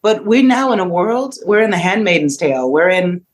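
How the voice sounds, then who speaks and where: A woman's voice: lowish voice, expressive, normal speed. A woman in her fifties, a podcast guest, talking in a reflective way and asking rhetorical questions. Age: 50s. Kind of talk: casual discussion.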